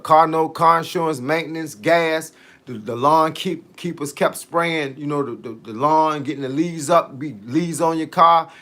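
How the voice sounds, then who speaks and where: A man's voice: a little high, pushed and bright. A middle-aged man, chatting casually on a fitness livestream, slangy and easygoing as he reads and answers viewer comments. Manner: laid-back slangy talk, drawn-out tangents.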